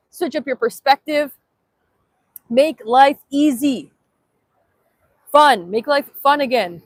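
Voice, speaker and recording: Young woman vlogger, playful livestream chatter, higher voice, dry close sound, handheld phone outdoors. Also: expressive, slow pace, pauses often, dry recording. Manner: chatty, reads chat aloud, playful. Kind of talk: casual livestream chat. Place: outdoors at sunrise.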